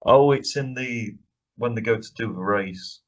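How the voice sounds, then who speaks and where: A man's voice: medium pitch, measured pace. A man co-hosting a casual film review podcast, ranting and swearing often with frequent laughs. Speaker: podcast co-host. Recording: dull lo-fi podcast audio.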